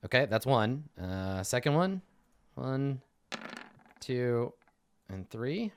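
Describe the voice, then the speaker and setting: A man's voice: mid-range voice, big pitch swings, slow, clean tone, dry recording, studio quality. A man running a tabletop game as game master, narrating the action and rolling for monsters.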